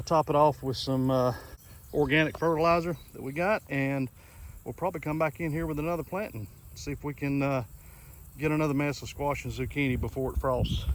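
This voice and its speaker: A man giving a relaxed, folksy walk-through of his garden, with lots of filler words, recorded outdoors on a camera mic. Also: medium pitch. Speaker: farm vlogger. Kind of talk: casual walk-through narration. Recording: faint outdoor noise with insects. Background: crickets and insects in the background.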